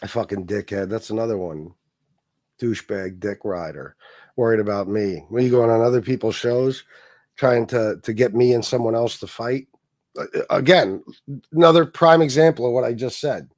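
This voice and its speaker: A man's voice: medium pitch, normal speed, darkish tone, no echo. A man hosting a livestream, talking bluntly and swearing often in casual chat. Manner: profane, blunt. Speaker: livestream host.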